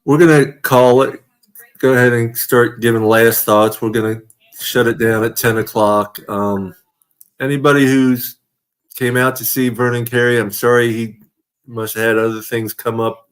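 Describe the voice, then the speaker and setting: A man co-hosting a casual sports fan live stream, easygoing with halting starts. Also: mid-range voice, steady tone, clear, resonant tone.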